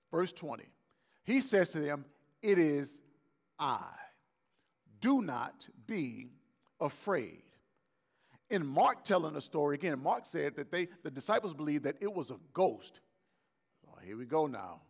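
Male pastor, gravelly and slightly high, conversational sermon that slips into acted-out voices. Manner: conversational preaching, acts out voices of biblical figures.

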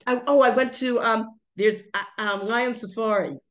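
A woman's voice: fairly high pitch, fairly even intonation, normal speed. An older woman chatting casually with her son, telling long stories full of fillers and restarts. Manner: rambling storyteller, many fillers and restarts. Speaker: podcast co-host, parent of the other speaker. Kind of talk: casual family chat.

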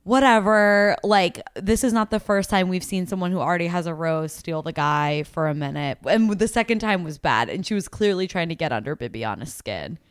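Woman co-host, chatty and giggly, lively pitch, dry close sound. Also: fairly quick, hardly any pauses, clean tone, no room sound. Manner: giggly, chatty, lots of "like" fillers. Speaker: podcast co-host. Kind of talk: casual chat recapping a reality dating show.

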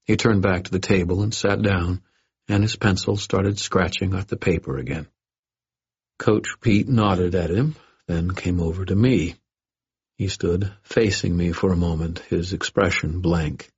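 Deep, husky male narrator; steady, wry first-person reading. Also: unhurried. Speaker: audiobook narrator. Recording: dull lo-fi audio.

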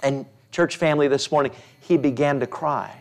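A middle-aged man, a pastor, preaching a sermon, building repeated phrases up and dropping softly into stories. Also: mid-range voice, moderate pace, creaky. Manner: preaching with rising repeated phrases and soft storytelling drops.

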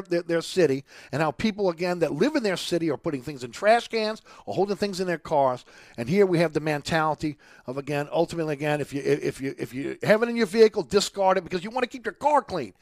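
Talk radio host, middle-aged man. Indignant and stumbling, slightly raised pitch. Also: dry recording, clean studio sound. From New Orleans. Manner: indignant ranting with many repeated restarts.

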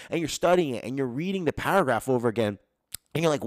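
A man's voice: mid-range voice, fast, no room sound, clean studio sound. A man hosting a solo podcast, ranting casually with lots of swearing and acting out people's inner voices. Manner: casual, profane, animated, acts out quoted inner voices. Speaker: podcast host.

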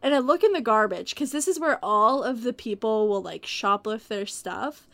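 A woman's voice: fairly high pitch, lively intonation, moderate pace, fairly bright tone, no room sound. A woman telling work stories in a casual chat, rambling, with lots of "like" and "dude". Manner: rambling storyteller, heavy on like and dude.

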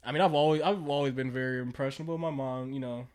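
A young man co-hosting a casual podcast chat, animated and profane, laughing often. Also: medium pitch, fast, smooth. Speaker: podcast co-host.

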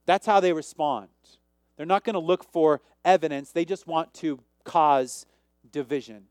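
A man preaches with emphasis, often speeding up or pulling back on his volume. His voice sits fairly high. The sound is dry and close. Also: a little slow, a little mellow, no room sound. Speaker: pastor. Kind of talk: sermon.

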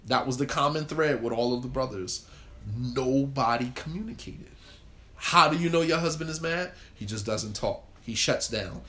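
A man's voice: a little high, expressive, normal speed, fairly bright tone. A man leading a group talk on marriage, speaking conversationally and acting out quoted lines. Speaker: marriage workshop leader.

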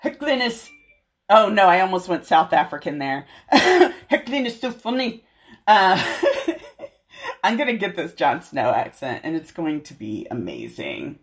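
A woman's voice: fairly low pitch, wildly swooping pitch, unhurried. A young woman hosting a livestream, chatting casually and giggling with viewers. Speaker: livestream host.

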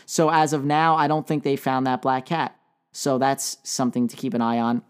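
Guy doing a sports talk show, chatty and sarcastic, clean smooth voice, medium pitch. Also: flat delivery, moderate pace. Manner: casual and sarcastic, with frequent fillers.

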